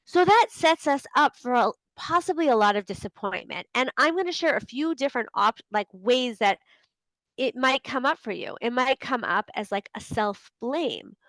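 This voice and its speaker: A woman's voice: a little high, lively intonation, moderate pace, fairly bright tone, no echo, poor audio. A woman hosting a casual group video call, chatty and full of fillers, who often acts out inner voices. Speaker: host of a group coaching call. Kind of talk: casual talk to an online group.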